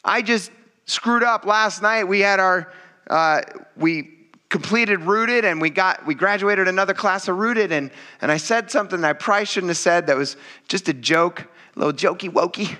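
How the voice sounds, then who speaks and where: Animated casual man preaching a sermon. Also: sits high, normal speed. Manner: animated, acts out voices in quoted dialogue; casual, addresses congregation as "you guys". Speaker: pastor.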